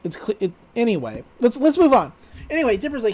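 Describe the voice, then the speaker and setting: A woman's voice: on the high side, very animated, quick pace, darkish tone. A woman co-hosting a podcast, giving a chatty, casual recap with laughs and fillers. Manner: chatty, giggly, with frequent fillers. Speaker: podcast co-host.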